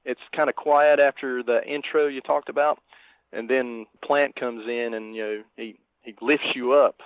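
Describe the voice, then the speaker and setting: A man's voice: medium pitch, steady tone, normal speed, smooth, dry recording. A man cohosting a podcast in casual chat, speaking in a meandering, hesitant way. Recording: dry, tinny phone-like line.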